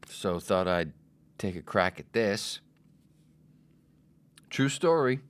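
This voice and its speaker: A man's voice: on the low side, lively intonation, slow pace, clear, resonant tone. Brash self-mocking man in his forties. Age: 40s. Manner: brash, self-mocking, swears freely, swings between shouts and whispers. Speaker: podcast host. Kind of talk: solo comedy podcast monologue.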